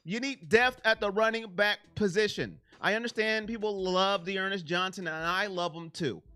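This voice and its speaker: A man hosting a casual sports livestream, answering chat and swinging from loud to mumbling. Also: high-pitched, normal speed, clean tone. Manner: excitable, reads chat names aloud, swings from loud to mumbling. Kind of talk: casual live-chat commentary.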